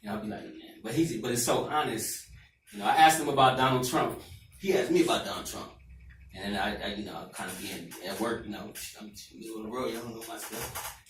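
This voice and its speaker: Stand-up comic, mid-pitched man, rambling storyteller, club mic far and roomy. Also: fast talker. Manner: loose, rambling storytelling with asides. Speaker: stand-up comedian. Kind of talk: stand-up set. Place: comedy club stage. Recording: echoey club from far off, faint noise.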